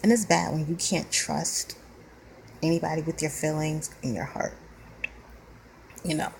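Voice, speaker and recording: Weary woman venting, low gravelly voice. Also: steady tone, unhurried, darkish tone, slight background noise, poor audio. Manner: blunt and plainspoken, weary. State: near tears. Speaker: vlogger. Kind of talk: venting monologue to camera.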